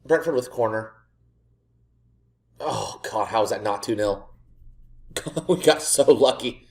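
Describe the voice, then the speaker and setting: A man's voice: lowish voice, slow pace. Sarcastic man commentating a game. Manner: sarcastic, exasperated self-mocking rants. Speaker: gaming video creator. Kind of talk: let's play commentary.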